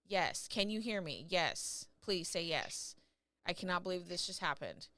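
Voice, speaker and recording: A woman with a bright, ringing voice hosts a live-stream commentary. She talks effusively and keeps repeating herself. The sound is dry and close, with no room around it. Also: fairly low pitch, animated, a little slow, dry recording. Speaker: livestream host.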